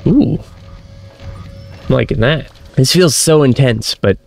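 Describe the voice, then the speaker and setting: A man's voice: medium pitch, lively intonation, takes it slowly, gravelly, darkish tone, faint music behind. A young man commenting on a horror shooter as he plays, with jumpy, self-mocking reactions. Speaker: gaming streamer. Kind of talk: let's-play commentary.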